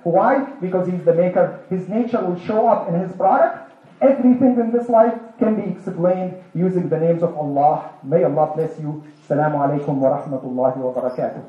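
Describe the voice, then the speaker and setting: A male preacher giving an interactive sermon, animated, asking the audience questions and then answering them himself. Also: a little high, brisk. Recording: echoey hall, distant dull mic.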